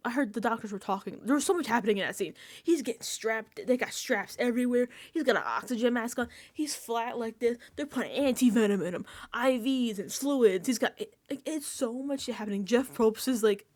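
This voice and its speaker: A young woman chatting casually on a reality-TV recap vlog, animated and laughing, acting out quotes and swearing freely. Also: on the high side, fairly quick, dry recording. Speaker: recap vlogger. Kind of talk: casual reality-TV reaction chat.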